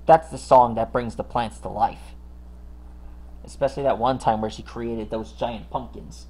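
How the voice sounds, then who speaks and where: A man's voice: medium pitch, fairly even intonation, moderate pace, darkish tone, slight background noise, low-quality recording. A man hosting a drawing show, chatting casually in a rambling way with many fillers and restarts. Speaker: host of a drawing channel. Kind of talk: casual chat while drawing. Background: song playing in the background.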